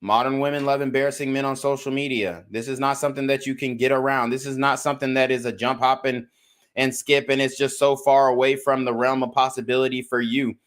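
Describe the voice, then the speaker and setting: A man's voice: mid-range voice, little pitch movement, fairly quick. A man hosting a podcast, reacting to clips with blunt, slangy commentary and lecturing his listeners. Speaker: podcast host.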